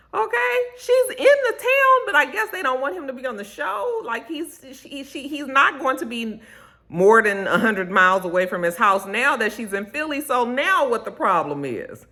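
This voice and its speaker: A woman chatting through a reality-show recap to camera, telling it with sassy slang and drawn-out emphasis. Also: high-pitched, sing-song, bright, forceful tone.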